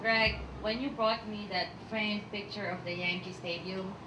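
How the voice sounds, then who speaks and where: A woman's voice: mid-range voice, steady tone, unhurried, background noise. A woman reading her maid-of-honor toast from notes, giggly and emotional, close to tears. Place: restaurant reception. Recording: echoey room, mic at a distance.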